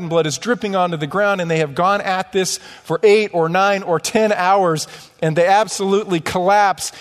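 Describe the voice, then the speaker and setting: A man preaching a sermon in a church, animated, with mocking asides and rhetorical questions. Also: high-pitched, in a large hall. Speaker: pastor. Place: church sanctuary.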